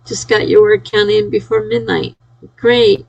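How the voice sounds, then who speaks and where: A woman's voice: mid-range voice, level tone, a little slow, darkish tone, poor audio. A sleepy, yawning woman chatting casually on a live stream, reading out and cheering viewers' chat messages. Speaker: livestreamer.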